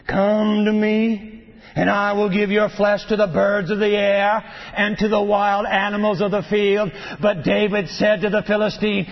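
A high-voiced man preaches a sermon with dramatic, animated delivery, acting out the voices in the story. His voice rings with long reverb through a church sanctuary, and the recording sounds a bit dull and muffled. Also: measured pace. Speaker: pastor.

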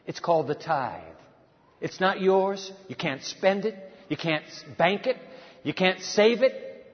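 A man delivers a sermon in a high, ringing voice, pressing his points with emphatic repetition and rhetorical questions. The recording sounds dull and muffled, with a long reverb trailing behind his words as in a large sanctuary. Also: moderate pace. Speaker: preacher.

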